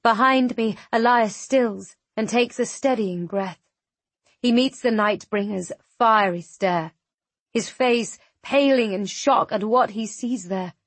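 A woman reading a fantasy novel aloud in the first person, her voice a little high for a woman's. She takes her time over every line, measured and tense. The recording is close and dry. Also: no room sound. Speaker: audiobook narrator. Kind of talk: first-person audiobook narration.

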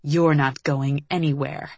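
A woman voicing a large, cruel male monster who speaks in a low, threatening way. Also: fairly even intonation, a little slow, breathy edge, no echo, heavily acted. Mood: menacing.

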